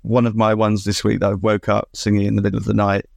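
A man's voice: on the low side, completely flat delivery, fast, creaky, darkish tone, dry recording, clean studio sound. A man from co-hosting a podcast, musing in casual chat with lots of hedging. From London. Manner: musing, hedging with ums and "sort of". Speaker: podcast co-host.

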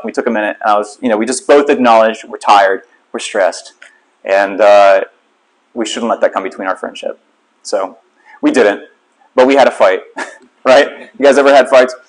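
A man speaks as a lay teacher, opening a sermon with a candid, conversational story. His voice sits at a medium pitch, and his delivery is plain and unpolished. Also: low-quality recording.

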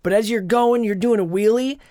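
Rambling podcast co-host, dry close mic. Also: male voice, sits high, a little fast, no room sound. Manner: rambling, animated storytelling with many fillers. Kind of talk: casual chat, retelling a dream.

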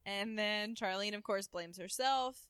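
A woman's voice: mid-range voice, unhurried, clean tone, no room sound. A woman co-hosting a casual podcast, recapping a television episode and slipping into the characters' lines as she goes. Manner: animated retelling, voicing characters in quotes. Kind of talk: casual chat.

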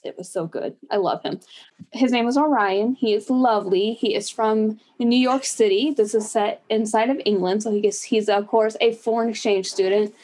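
A woman's voice: a little high, a little mellow. A woman co-hosting a casual podcast, gushing enthusiastically about favorite book characters and acting out bits of dialogue. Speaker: podcast co-host. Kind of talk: casual chat about books.

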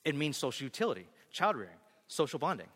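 A man voicing an earnest female scientist, reading her lines lower, quicker and softer than his own talk. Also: very animated, husky, heavily acted. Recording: long hall reverb.

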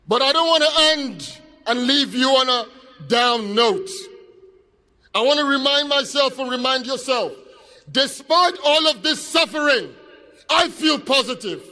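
Male protest speaker, high ringing voice, fervent call-and-response rally delivery, faint crowd behind. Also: expressive, normal speed, sharp tone. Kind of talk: impassioned rally speech. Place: outdoor street protest.

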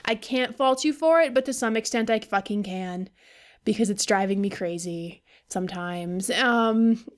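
A woman's voice: medium pitch, a little slow. A woman ranting casually to her viewers in a blunt, profane, rambling way, full of fillers and swearing. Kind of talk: casual rant to camera.

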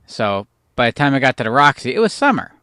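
A man co-hosting a podcast in casual chat, halting and repeating words as he thinks aloud. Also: mid-range voice, very animated, bright, forceful tone, clear, resonant tone, dry recording, clean studio sound. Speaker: podcast co-host.

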